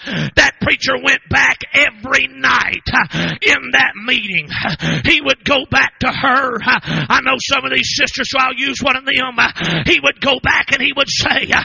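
A man preaching a shouted revival sermon in a church service, punctuating his phrases with chanted "uh" sounds. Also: extremely high pitch, animated, unhurried, creaky, poor audio.

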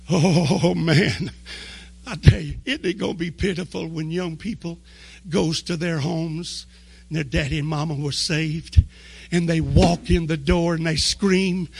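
A high-voiced, gravelly man preaching, his husky, forceful voice shouting and crying out the lines of an impassioned sermon. He drags out key words slowly to drive them home. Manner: fervent, shouting and crying out phrases.

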